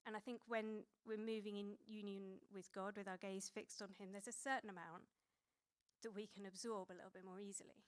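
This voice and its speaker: A woman's voice: medium pitch, level tone, a little fast, clean tone. A woman in her thirties preaching a sermon in a conversational way, with many fillers and restarts.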